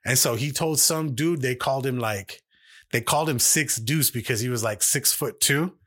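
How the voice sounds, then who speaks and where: A man's voice: medium pitch, moderate pace, a bit bright. A man co-hosting a podcast, rambling through a profane story in casual chat and acting out the quoted voices. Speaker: podcast co-host.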